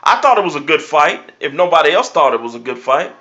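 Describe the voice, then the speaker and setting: A man's voice: fairly high pitch, lively intonation, fast talker, sharp tone. A man hosting his own sports commentary vlog, making brash, emphatic predictions and repeating his catchphrases. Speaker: sports show host. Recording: dull lo-fi recording.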